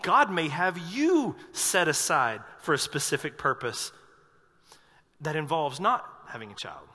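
A male pastor delivering a sermon with humor and animated storytelling. His voice is high and bright, and it rings with a long reverb through a large church sanctuary. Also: a little slow, slightly rough. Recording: reverberant hall.

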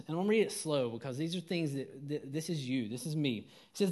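A man's voice: fairly high pitch, lively intonation, normal speed, few pauses. A man from Georgia, preaching a casual, conversational sermon full of fillers and restarts.

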